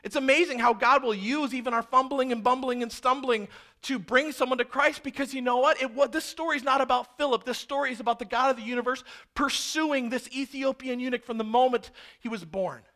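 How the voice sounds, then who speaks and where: A male pastor preaching a sermon, animated and acting out the people in the story. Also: extremely high pitch, fairly quick. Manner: animated, acts out characters.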